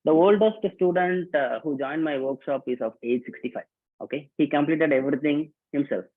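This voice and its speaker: A man's voice: a little high, moderate pace. Male workshop host on a video call, casual and repetitive, thin phone-line sound. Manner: casual, repetitive, calls out names and instructions. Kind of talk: live online workshop, greeting participants. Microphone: online video call. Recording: tinny phone-like call audio.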